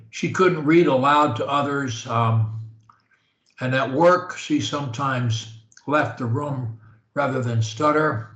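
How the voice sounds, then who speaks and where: A man working as a speech coach, talking slowly and stretching his words on a steady tone as he guides a client. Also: medium pitch, reverberant. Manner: slow, drawn-out speech that holds a steady tone. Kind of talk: coaching conversation.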